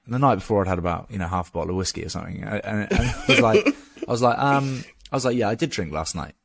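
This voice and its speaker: A man's voice: on the low side, sing-song, quick pace, vocal fry, few pauses, no echo, clean studio sound. A man in his thirties with an English accent, a podcast guest telling a candid story in a frank, casual way, swearing and restarting as he goes.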